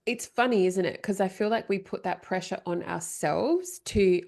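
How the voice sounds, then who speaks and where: A woman's voice: mid-range voice, moderate pace, vocal fry, hardly any pauses, a little mellow. A woman hosting a podcast, affirming her guest and asking loose, wordy questions. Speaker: podcast host. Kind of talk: casual interview chat.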